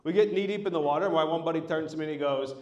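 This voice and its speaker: A man performing live stand-up, his voice sitting a little high for a man and bouncing around an echoey room. He tells stories in a loose, profane way through a handheld stage mic. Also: racing, darkish tone, lo-fi sound. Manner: loose, profane, storytelling delivery. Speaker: headlining stand-up comedian. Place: live comedy show at an art venue.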